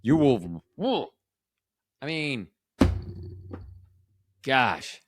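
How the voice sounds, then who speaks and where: Hosting his own podcast, a man rambles and jokes at his own expense, often losing his thread, trailing off and starting over. His mid-range voice is very animated but extremely slow, with a noisy background behind it.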